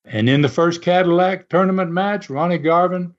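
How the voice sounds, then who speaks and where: A man casually telling an animated, folksy story and chuckling often as he goes. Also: high-pitched, moderate pace. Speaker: storyteller recalling wrestling TV. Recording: dull lo-fi sound.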